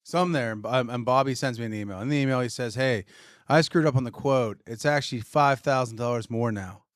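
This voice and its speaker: A man co-hosts a podcast, spinning a story in casual chat. He voices the other people in it with lively shifts, at a middle pitch. The recording is dry and close. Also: fairly quick, no room sound. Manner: animated storyteller acting out quotes. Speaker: podcast co-host, retailer.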